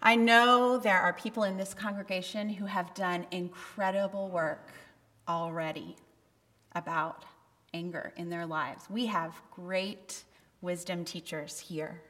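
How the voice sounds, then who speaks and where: A woman's voice: fairly low pitch, steady tone, measured pace, fairly bright tone. A woman pastor giving a candid, conversational sermon with bursts of emphasis, recorded in a church. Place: church sanctuary. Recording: long reverb of a church hall.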